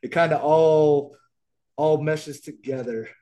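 A man's voice: a little high, fairly even intonation, slow, dark tone. A middle-aged man co-hosting a podcast, chatting casually and rambling with many restarts. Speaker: podcast co-host. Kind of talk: casual chat.

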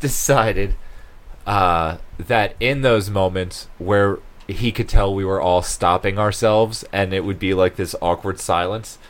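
A man in casual chat, telling a story, swearing and laughing often. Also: sits low.

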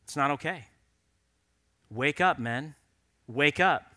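A man's voice: on the high side, takes it slowly, bright, forceful tone. A man preaching a sermon in an earnest, conversational storytelling way, appealing directly to men in the audience.

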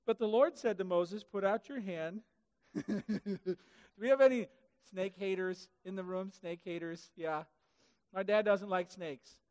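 A man preaching a sermon in a church hall, animated and comic, acting out the Bible characters in funny voices. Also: high-pitched, measured pace. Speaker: pastor. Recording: hall reverb.

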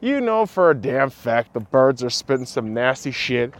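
A man's voice: medium pitch, steady tone, moderate pace. A man hosting a solo podcast, ranting in a profane and sarcastic way. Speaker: podcast host.

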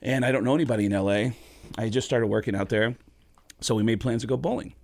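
Comedian guest, male, animated storyteller, dry close sound. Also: quick pace, creaky, no echo. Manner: animated, jumps into high excited voices when quoting people. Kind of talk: casual storytelling.

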